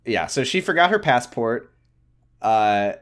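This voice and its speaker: A man's voice: medium pitch, very animated, unhurried, a bit bright. Profane, rambling man chatting casually. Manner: rambling, profane, jokey, restarts often. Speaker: podcast co-host. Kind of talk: casual chat recapping a TV show.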